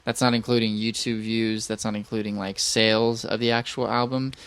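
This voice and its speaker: A man's voice: lowish voice, little pitch movement, a little fast, fairly bright tone, clean tone. A man co-hosting a podcast in casual chat, rambling with many fillers and restarts. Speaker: podcast co-host.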